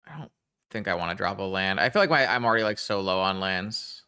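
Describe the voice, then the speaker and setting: A man giving casual live-stream gameplay commentary, thinking aloud and talking to his chat in a chatty, excitable way. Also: low-pitched, fast, clear, resonant tone.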